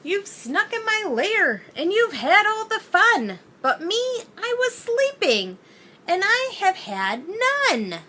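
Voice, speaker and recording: A woman's voice: very high voice, big pitch swings, slow pace, pushed and bright, a little hiss or hum, pitched above the performer's own voice, exaggerated voice. A woman voicing a big male bear in a children's storybook, whining that he missed the fun. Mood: whiny. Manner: whining, complaining. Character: sleepy male bear, sulking and whiny.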